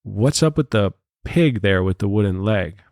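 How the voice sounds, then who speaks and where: A man's voice: fairly low pitch, animated, normal speed, darkish tone, no echo, studio quality. A man voicing a flustered male city traveler who stammers and keeps apologizing. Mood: apologetic.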